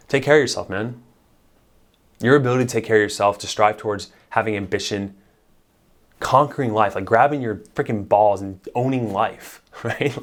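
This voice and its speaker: A man with a fairly low voice speaks as a marriage therapist. He talks to camera in a blunt, emphatic way and swears casually as he pushes his points. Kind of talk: direct-to-camera advice talk.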